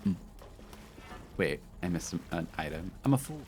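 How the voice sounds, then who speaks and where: A man's voice: low voice, big pitch swings, normal speed, darkish tone, faint music behind. A man streaming a game, chatting casually and telling rambling stories with many fillers and laughs. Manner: rambling, laid-back, with frequent fillers and laughs. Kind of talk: casual live-stream chat and storytelling.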